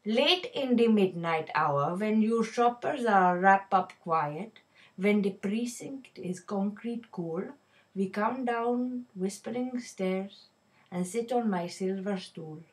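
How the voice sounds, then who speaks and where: A woman's voice: mid-range voice, expressive, slow. A woman putting on a giddy, lovesick young shopkeeper. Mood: dreamy. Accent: put-on Indian English. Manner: rhythmic, singsong recitation. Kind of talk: dramatic poetry reading.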